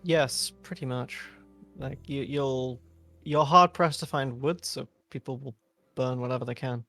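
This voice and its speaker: A man playing a tabletop game in character, explaining slowly and thoughtfully. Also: medium pitch, creaky, pushed and bright, no room sound, soft background music. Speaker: player.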